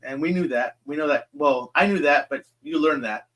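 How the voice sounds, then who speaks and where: A live question-and-answer stream is led by a man whose voice is a little high and a bit bright. He talks directly to every viewer in a rambling, reassuring manner, and he fills gaps with "um."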